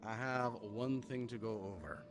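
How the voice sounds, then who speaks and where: A man roleplaying a gang leader on a live stream, questioning calmly and often murmuring agreement. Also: medium pitch. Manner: calm, probing, drawn-out murmured agreement. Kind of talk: in-character roleplay dialogue. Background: background music.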